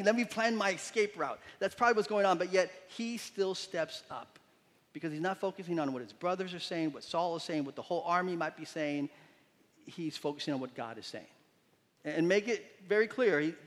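A man preaching a sermon as pastor, telling stories with lively voices for the people in them. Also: a little high, fairly quick, long reverb tail. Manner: animated storytelling, acts out quotes with voices. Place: church sanctuary.

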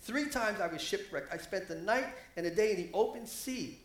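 A man preaches a sermon with a high-pitched voice, his delivery animated and climbing when he quotes scripture. The sound carries the echo of a roomy space. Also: moderate pace.

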